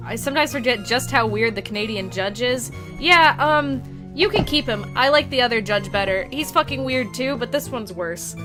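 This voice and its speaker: A woman's voice: on the high side, moderate pace, hardly any pauses. A woman giving casual let's-play commentary on a game, crude and joking. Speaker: game streamer. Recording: game music behind.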